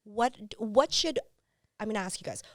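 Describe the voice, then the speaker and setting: A woman, a mother, co-hosting a casual podcast chat, telling stories with animated retellings and frequent swearing. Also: mid-range voice, normal speed, dry recording, studio quality. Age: adult with a son. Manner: animated storyteller, swears freely. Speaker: podcast co-host.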